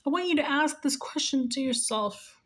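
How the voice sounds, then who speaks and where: A woman in her forties talks in an earnest, emotional monologue, pressing her advice home by saying it again and again. Her voice sits a little high for a woman. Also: animated, moderate pace, fairly bright tone. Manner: earnest, repeats points for emphasis. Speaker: nurse sharing life advice. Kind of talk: heartfelt monologue.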